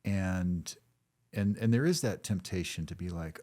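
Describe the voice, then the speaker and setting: A man's voice: deep voice, darkish tone. A middle-aged man, a former counselor and guest, speaking thoughtfully in a casual conversation. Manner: thoughtful, measured, with frequent restarts.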